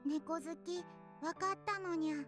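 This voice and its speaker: A woman voicing a quiet, odd young girl with a blunt, flat manner, in game voice acting. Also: very high voice, brisk, soft background music. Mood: deadpan.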